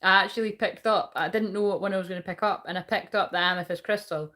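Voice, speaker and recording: A woman's voice: mid-range voice, steady tone, fast talker, fairly bright tone. A woman giving a casual tarot reading, rambling, swearing freely and laughing often. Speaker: tarot reader.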